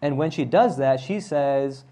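A man teaching a religious lesson, retelling the story in a casual, conversational way and often checking in with listeners with a quick "right?". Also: mid-range voice, dark tone.

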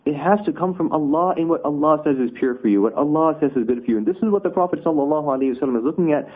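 A man's voice: fairly high pitch, animated, very fast, breathy edge. A man teaching a conversational religious lesson, explaining with rhetorical asides. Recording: tinny phone-like audio.

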